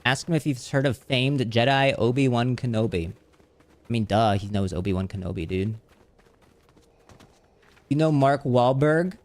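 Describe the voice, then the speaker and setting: A young man hosting a casual gaming livestream. He rambles and jokes with chat, with sudden excited outbursts. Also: mid-range voice, normal speed, long pauses. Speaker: livestream host.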